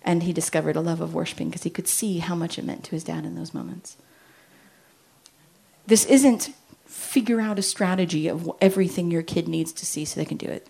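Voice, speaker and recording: A woman's voice: on the low side, vocal fry, mellow, slightly rough. A middle-aged woman from the United States giving a chatty, story-filled talk to parents at a church, acting out quotes as she goes.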